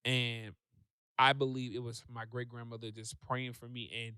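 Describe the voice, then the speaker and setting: Smooth-voiced man telling his story. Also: mid-range voice, moderate pace, no room sound. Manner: animated, acts out quoted voices. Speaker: podcast guest. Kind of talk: personal storytelling.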